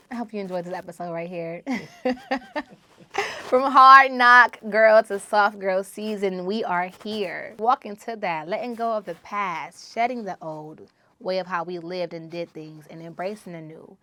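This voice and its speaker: A woman hosting her own podcast, preaching emphatically and repeating phrases, moving between loud exhortation and low asides. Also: measured pace. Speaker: podcast host. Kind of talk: solo podcast monologue.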